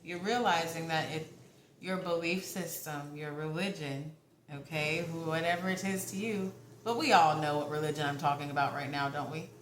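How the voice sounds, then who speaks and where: Chatty low-voiced woman reading tarot. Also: normal speed, roomy sound, a little hiss or hum, rough recording. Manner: chatty, often checks in with viewers; prone to giggling. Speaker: tarot card reader. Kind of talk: casual tarot reading addressed to viewers.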